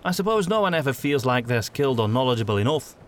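A man's voice: mid-range voice, sing-song, fast talker, slight background noise, voice pushed up, lightly acted. A man voicing a polite, earnest young male initiate who talks in a reassuring way.

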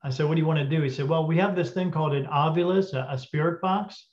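A man telling a story casually as a podcast guest, acting out the dialogue and often clearing his throat. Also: fairly high pitch, fast. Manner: animated retelling with quoted dialogue. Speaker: guest spirit medium. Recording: dull lo-fi audio.

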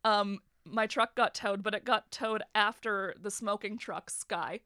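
A young woman with an animated, laughing way of telling a story, acting out the other people in it. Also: medium pitch, measured pace, dry recording, clean studio sound. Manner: animated, laughing storyteller who acts out quotes. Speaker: podcast co-host. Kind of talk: casual chat, storytelling.

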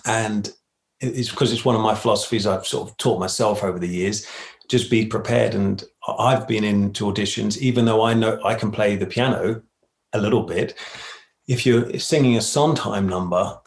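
Chatty man, gravelly and low. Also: echoey room. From United Kingdom. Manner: chatty, self-deprecating, quick gut answers. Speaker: guest, musical theatre performer. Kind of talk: casual interview chat.

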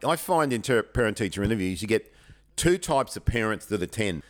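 Middle-aged male teacher co-host, lower voice, frank and animated storyteller. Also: brisk. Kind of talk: casual chat.

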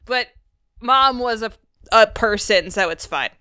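A woman's voice: a little high, lively intonation, a little slow, bright, forceful tone, smooth, no echo, clean studio sound. A woman player in a tabletop game, who teases the others in a playful way. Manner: teasing, playful.

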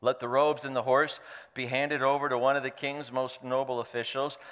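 A man's voice: medium pitch, flat delivery, moderate pace, a bit bright, in a large hall, lightly acted, poor audio. A man putting on a pompous scheming official. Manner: self-important, pompous. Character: boastful scheming male royal official.

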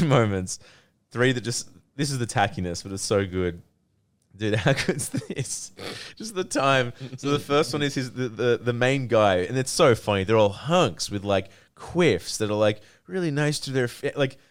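A man's voice: medium pitch, animated, moderate pace, clean tone. A man co-hosting a podcast in casual chat, rambling, swearing a lot and laughing often. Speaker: podcast co-host.

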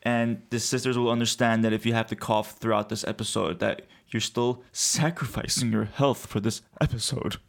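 A man co-hosting a podcast in casual chat, an animated storyteller who leans on fillers and laughs easily. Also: medium pitch, moderate pace, creaky, hardly any pauses, no room sound, clean studio sound. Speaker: podcast co-host.

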